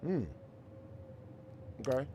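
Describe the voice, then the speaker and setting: Extremely slow and warm-toned, this gaming streamer talks over a slight hiss or hum during a casual let's play. He keeps cursing, repeating words, and grumbling about his anger.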